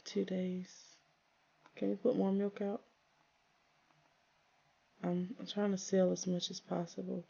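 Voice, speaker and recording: Chatty gamer woman, gravelly voice. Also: medium pitch, little pitch movement, takes it slowly, pauses often, warm tone, lo-fi sound. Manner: chatty, talks to viewers and her game characters, exasperated asides. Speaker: gaming channel host. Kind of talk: casual let's-play commentary.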